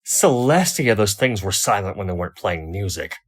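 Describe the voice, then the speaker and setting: A man reading a first-person fan fiction story aloud, wry and expressive. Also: deep voice, fairly quick. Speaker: audiobook reader.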